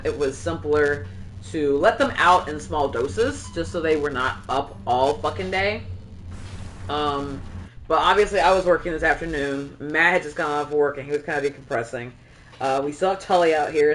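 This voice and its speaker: A woman chatting loosely on a gaming stream, meandering from one thought to the next and dropping the odd swear. Her voice sounds bright and a little sharp. A faint background hiss sits under her voice. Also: sits low, rough recording. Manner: rambling, chatty, swears casually. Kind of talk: casual gameplay chat.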